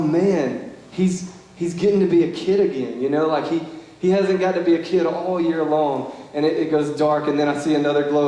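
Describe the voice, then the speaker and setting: A man's voice: mid-range voice, a little mellow. A young man giving an earnest, conversational banquet speech, telling stories full of "you know" and "like". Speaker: Young Life leader giving a banquet talk. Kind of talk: storytelling speech. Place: large banquet hall. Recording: very echoey hall with long reverb.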